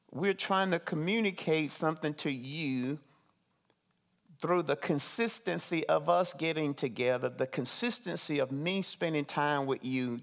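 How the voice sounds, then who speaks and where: A man leading a meeting as his organization's CEO, talking to his staff in a slow, emphatic way, repeating phrases and putting questions to them. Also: a little high.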